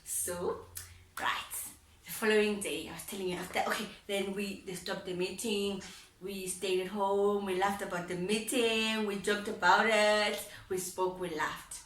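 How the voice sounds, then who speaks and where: A woman's voice: medium pitch, little pitch movement, measured pace, a bit bright. A young woman vlogger telling a personal story in a heartfelt way, repeating phrases and laughing often. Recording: roomy sound, mic at a distance.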